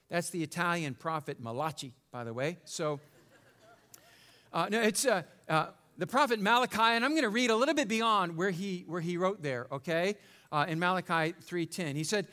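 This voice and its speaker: A male pastor preaching a sermon in an animated, conversational way, joking and checking in with the congregation. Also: high-pitched, brisk.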